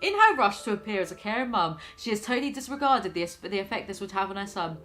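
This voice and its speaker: A woman's voice: medium pitch, sing-song, fast, a bit bright, faint music behind. A woman vlogger reading out a news story and breaking off for sarcastic, mocking commentary. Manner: sarcastic, mocking, laughs at her own jokes.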